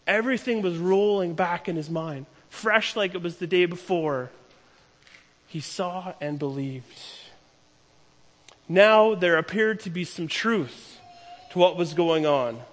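A man preaching a sermon, retelling a story with emphatic, slowing delivery. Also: high voice. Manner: storytelling, emphatic, slows down for key lines. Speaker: pastor. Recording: long hall reverb.

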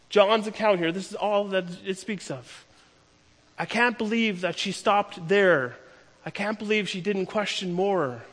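A man preaching a sermon, retelling a story with emphatic, slowing delivery. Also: high voice. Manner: storytelling, emphatic, slows down for key lines. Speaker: pastor. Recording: long hall reverb.

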